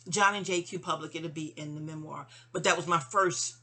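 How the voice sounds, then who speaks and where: In a vlog, a middle-aged New Yorker speaks directly to her mother in a frank, wandering monologue, stumbling and restarting often as her thoughts drift. Her low voice is breathy and husky but bright and forward, with a steady tone and brisk pace.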